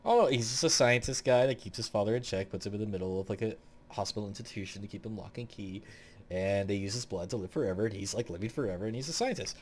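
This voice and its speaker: A man's voice: on the low side, fast, a little hiss or hum. A young man hosting a casual tier-list video, rambling through blunt opinions with plenty of swearing. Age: young adult. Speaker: gaming video host.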